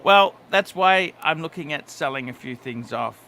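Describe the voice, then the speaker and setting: A man's voice: fairly high pitch, lively intonation, normal speed, bright, forceful tone. A man hosting a livestream in casual chat, blunt and crude in his remarks. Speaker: livestream host.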